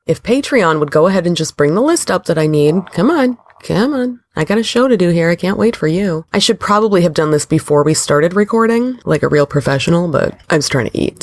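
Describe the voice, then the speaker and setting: A woman co-hosting a podcast in a loose, joking, profane chat, her voice hoarse and raw from illness, sitting a little back from her mic. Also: low voice, no echo. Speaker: podcast co-host. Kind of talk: casual chat. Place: lounging in a recliner chair at home. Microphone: desk mic placed a little away from her.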